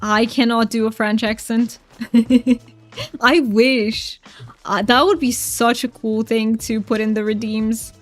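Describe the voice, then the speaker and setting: A woman's voice: a little high, steady tone, takes it slowly, faint music behind. Chatty, giggly young woman streamer. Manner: chatty, giggly, reads chat aloud. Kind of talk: casual livestream chat.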